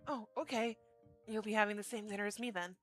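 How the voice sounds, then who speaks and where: A woman's voice: mid-range voice, fairly even intonation, fast, faint music behind, close to an everyday voice. A woman voicing an eager, lonely male forest host with drooping ears, who stammers and pleads shyly. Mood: gentle.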